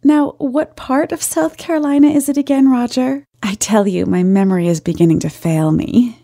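A woman's voice: a little high, lively intonation, normal speed, gravelly, dark tone, no echo, clean studio sound, pitched above the performer's own voice. A woman voicing a bold, playful, flirtatious sister with a bossy, teasing manner.

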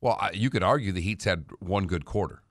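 A man co-hosting a sports radio show, giving steady, matter-of-fact analysis in casual sports talk. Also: low voice, a little fast, dry recording, clean studio sound.

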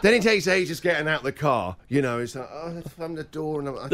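A man's voice: on the high side, animated, fairly quick, few pauses. A man in his forties, a radio host, telling an exasperated comic story and acting out the quotes. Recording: radio studio.

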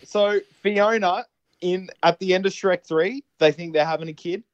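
A man recounting a film plot in rambling, animated casual chat, swearing freely. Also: sits high, normal speed, no room sound, muffled recording.

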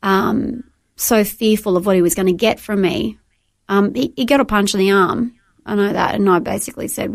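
In a close, dry recording, a middle-aged Australian woman recounts her personal testimony as a guest in a faith interview. She speaks at medium pitch with a distinct gravelly fry, sounding earnest and emotional, halting and restarting again and again.

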